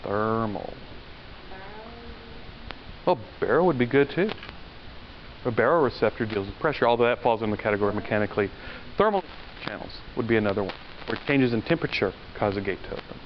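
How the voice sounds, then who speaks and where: A male university lecturer giving a classroom lecture, talking conversationally, asking the class questions and telling stories along the way. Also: medium pitch. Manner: conversational, asks the class questions, tells anecdotes. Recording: dull lo-fi lecture recording with faint noise.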